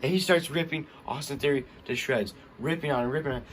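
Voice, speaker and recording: A young man giving an excited, rambling recap of a wrestling show, full of fillers. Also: a little high, quick pace, hardly any pauses, slight background noise. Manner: hyped, rambling, lots of fillers.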